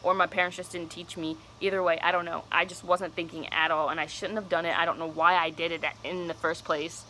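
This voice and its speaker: A woman's voice: fairly low pitch, little pitch movement, fairly quick, hardly any pauses, pushed and bright, slight background noise, poor audio. A young woman telling a personal story on her vlog, casual, candid and cursing freely. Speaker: vlogger.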